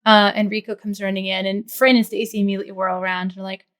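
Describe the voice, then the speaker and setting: A woman's voice: mid-range voice, level tone, fairly bright tone. A woman narrating as game master of a tabletop game, chatty with many fillers. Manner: chatty, lots of fillers, quick voice switches for characters.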